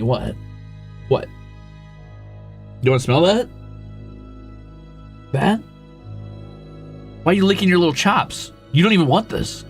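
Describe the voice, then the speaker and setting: A man's voice: a little high, lively intonation, moderate pace, long pauses, a bit bright, slightly rough, faint music behind. A male live streamer in casual chat, teasing and swearing freely as he coos at and scolds his cat.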